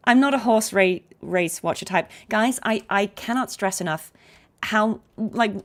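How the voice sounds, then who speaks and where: A voice actress chatting casually on a game stream and answering viewer questions. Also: female voice, fairly low pitch. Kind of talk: casual livestream chat.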